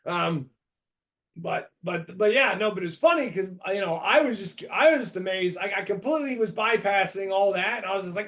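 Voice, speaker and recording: Animated rambling American man storyteller. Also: sits high, moderate pace. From United States. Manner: rambling, animated, acts out quotes with shouts. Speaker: podcast host. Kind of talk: casual storytelling chat.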